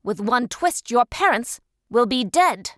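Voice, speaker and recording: A woman narrator voicing a cruel, domineering male pack alpha with a forceful, threatening delivery. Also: a little high, animated, a little slow, no echo, clean studio sound. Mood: menacing.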